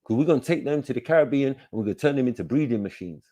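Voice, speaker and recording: A man's voice: medium pitch, expressive, very fast, dark tone. A man, hosting a livestream in a laid-back, slangy way. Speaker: livestream host. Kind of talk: casual livestream talk.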